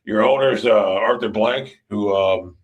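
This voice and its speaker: A man's voice: lowish voice, measured pace, dull audio. A man ranting about football in a blunt, profane way, speaking straight to the fans and repeating his warnings. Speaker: football commentator. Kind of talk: casual sports rant.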